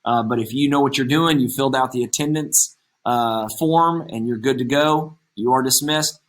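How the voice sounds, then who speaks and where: A man's voice: medium pitch, moderate pace. A young adult male teacher explaining an assignment to students on a video call, casual, often checking in with "okay?". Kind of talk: online class instruction. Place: home setup on video call.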